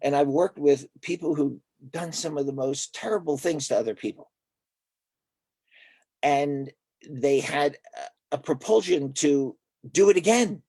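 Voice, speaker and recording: An older man with a husky, somewhat high voice tells stories as a therapist in an interview. He acts out each character's lines as he goes. The sound is dry and close, with no room around it. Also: a little slow, no echo. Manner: animated storyteller who acts out quoted dialogue. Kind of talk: conversational storytelling in an interview.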